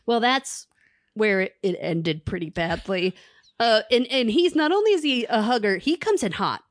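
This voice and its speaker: A woman in her thirties co-hosting a podcast, telling a lively story in casual chat and acting out what people said. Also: on the high side, normal speed, no room sound, studio quality. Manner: animated storyteller, acts out quotes. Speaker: podcast co-host.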